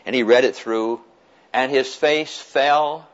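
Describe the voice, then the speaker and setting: An older American man telling a personal story to an audience, animated and chuckling, acting out what others said. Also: mid-range voice, slow pace, lo-fi sound. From United States. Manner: animated, chuckling storyteller who acts out quoted voices.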